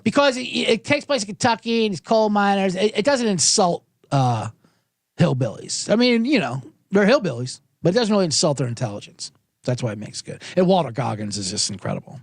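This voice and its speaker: A man's voice: high voice, lively intonation, brisk, creaky, dry recording, studio quality. A man hosting a casual sports betting podcast, rambling and profane, often cutting himself off mid-sentence. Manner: rambling, profane, self-interrupting. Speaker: podcast host. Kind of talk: casual livestream chat.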